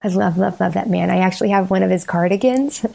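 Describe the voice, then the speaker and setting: Her voice mid-range, creaky, and dark, this podcast co-host speaks fast in a casual, heartfelt chat that wanders with fillers and false starts. At moments she becomes tearful and cries.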